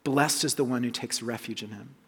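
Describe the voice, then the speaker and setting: A man preaching a sermon, earnest and emphatic, dropping soft on key phrases. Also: medium pitch, fairly quick, breathy edge, in a large hall. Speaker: pastor.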